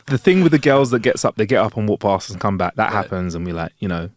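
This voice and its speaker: Low-voiced man telling a story. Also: fast, dry recording. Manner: animated, swears freely, acts out the people in his story. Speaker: podcast co-host. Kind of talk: casual storytelling chat.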